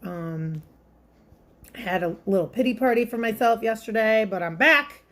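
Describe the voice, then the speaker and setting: Woman vlogger, middle-aged, slightly high voice, loose chatty confessional delivery. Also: animated, moderate pace, fairly bright tone. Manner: chatty, rambling storyteller. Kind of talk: casual confessional vlog.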